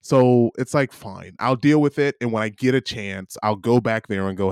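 A man's voice: lowish voice, moderate pace, hardly any pauses, clean tone, no room sound, clean studio sound. A man chatting casually as a podcast co-host, telling a story with animation and acting out both sides of an argument. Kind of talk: casual chat. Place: living abroad.

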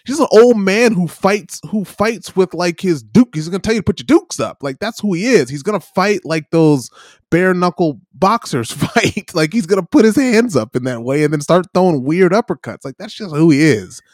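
A man's voice: sits high, animated, moderate pace, darkish tone, dry recording, studio quality. A young man co-hosting a podcast, telling a rambling story in casual chat with many fillers and acted-out quotes. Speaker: podcast co-host.

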